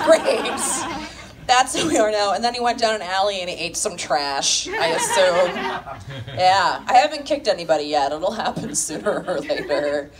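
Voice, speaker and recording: A woman's voice: mid-range voice, lively intonation, moderate pace, a crowd in the background, background noise. A woman in her thirties doing profane, laughing stand-up storytelling in front of a live audience. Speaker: comedian.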